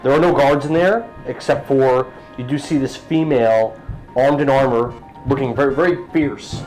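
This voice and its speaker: A man's voice: mid-range voice, normal speed, darkish tone, low-quality recording. Game master, man, descriptive narration with fillers, faint music under him. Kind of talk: describing scenes in a tabletop game.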